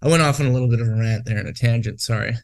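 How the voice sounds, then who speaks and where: A man in a loose, casual podcast conversation, his voice sitting at an ordinary middle pitch. He swears a lot and drifts from one tangent to the next. The delivery is unscripted and talky. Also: very fast, gravelly. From Western Canada. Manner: profane, rambling, goes off on tangents. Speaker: podcast co-host.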